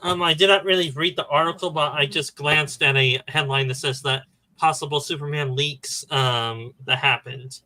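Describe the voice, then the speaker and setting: A man's voice: fairly high pitch, fairly even intonation, moderate pace, bright, forceful tone, dry recording, low-quality recording. A man co-hosting a live stream in casual chat, stumbling over his words and often restarting them. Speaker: co-host. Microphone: remote call on a streaming panel.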